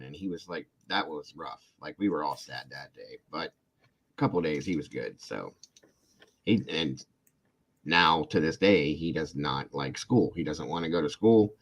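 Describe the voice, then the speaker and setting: A man in his forties with a very low voice hosts a relaxed livestream chat. He tells long, rambling, self-deprecating stories about his family over a call mic. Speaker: channel host.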